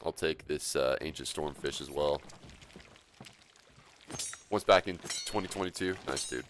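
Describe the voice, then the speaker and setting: A man casually commentating his game stream, relaxed and rambling, often chuckling as he talks. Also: extremely low pitch, unhurried, noisy background.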